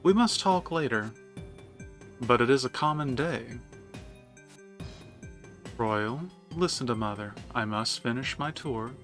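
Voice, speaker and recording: A man's voice: mid-range voice, slow pace, long pauses, a bit bright, faint music behind. A man voicing a haughty, commanding queen mother while reading game dialogue aloud. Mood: serene, condescending. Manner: stately, commanding and condescending. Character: haughty regal mother-queen, ruler of a religious city.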